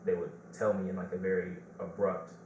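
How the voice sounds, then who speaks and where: A man's voice: deep voice, level tone, fairly quick. Laid-back Detroit man in an echoey room. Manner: loose, laughing storyteller. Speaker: podcast host. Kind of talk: casual chat. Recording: roomy, distant mic with background hiss.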